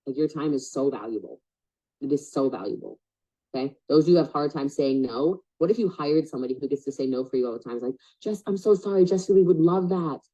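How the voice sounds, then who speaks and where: A business coach leads a group over a video call, chatty and blunt and full of fillers. Her voice is extremely low and dark with a breathy edge, and she talks quickly. The call audio sounds dull and lo-fi.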